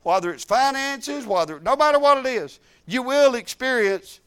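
A man's voice: very high-pitched, lively intonation, moderate pace, a bit bright, smooth. A male pastor preaching a fervent, emphatic sermon and repeating his phrases.

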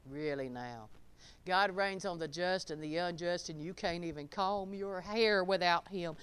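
A middle-aged woman preaching a sermon in a folksy, emphatic way, swinging from loud declarations to quiet, chuckling asides. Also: on the low side, measured pace, smooth.

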